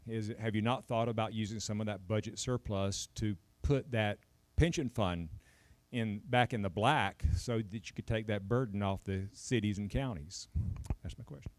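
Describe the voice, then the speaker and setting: A man's voice: on the low side, normal speed. A man at a town hall meeting asking the panel a question about budgets, hesitant and stammering as he starts. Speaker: audience member asking questions.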